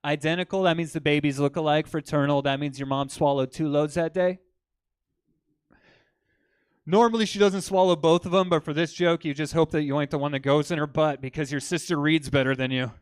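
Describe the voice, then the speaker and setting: A man performing stand-up on a comedy club stage, telling crude jokes with a deadpan edge and chatting with the crowd. His voice is smooth and crisp, pitched a little high for a man. The sound is dry and close, with hardly any room echo. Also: brisk.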